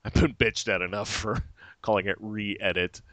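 Podcast host, male, sweary sarcastic ranter, bright forceful tone, dry close sound. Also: fairly low pitch, fairly even intonation, moderate pace, dry recording. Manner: profane, ranting, sarcastic. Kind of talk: casual ranting chat.

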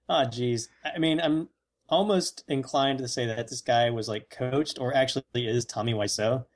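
A man co-hosting a casual comedic chat, cracking deadpan jokes and acting out mock quotes. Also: medium pitch, unhurried.

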